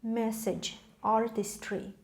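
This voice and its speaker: A woman teaching piano in a scripted video lesson, speaking in a measured, emphatic way with dramatic pauses. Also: a little high, steady tone, creaky, noisy background.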